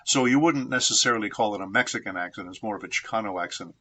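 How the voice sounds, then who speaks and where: A voice actor from San Diego, United States, appears as an interview guest, sharing anecdotes from his voice acting work. His bright, forward voice sits at the low end of the usual male range, and he tells stories in a measured, reflective, unhurried way.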